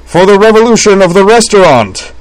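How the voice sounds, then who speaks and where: A man's voice: high-pitched, big pitch swings, brisk, clear, resonant tone, no echo, voice pushed up, low-quality recording. A man reading aloud and voicing a bold young swordsman who declaims grandly. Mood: grandiose.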